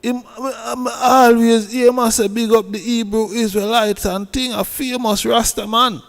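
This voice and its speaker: A man's voice: very high-pitched, fairly even intonation, normal speed, gravelly, long reverb tail, soft background music. A man with a Jamaican accent who scolds and preaches in a heated commentary rant, repeating himself. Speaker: online commentator.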